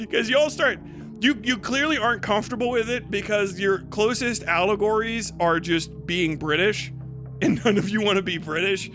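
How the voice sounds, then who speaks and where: High-voiced guy ranting on a stream, swears a ton, laughs a lot, music playing under him. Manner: profane, laughing, rambling. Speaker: livestream host. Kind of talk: casual livestream rant.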